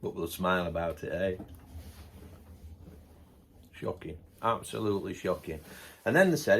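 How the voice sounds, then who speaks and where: A man's voice: deep voice, expressive, normal speed, long pauses, breathy edge. A middle-aged man, chatting casually to camera, ranting bluntly, then laughing it off with good humour. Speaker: vlogger.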